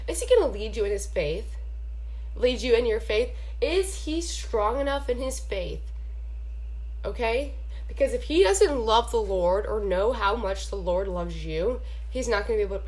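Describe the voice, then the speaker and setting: A woman's voice: medium pitch, very animated, moderate pace, darkish tone, breathy edge. A young woman hosting a podcast, giving casual faith and dating advice in a chatty, preachy, rambling way, often checking in with "okay?". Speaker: podcast host.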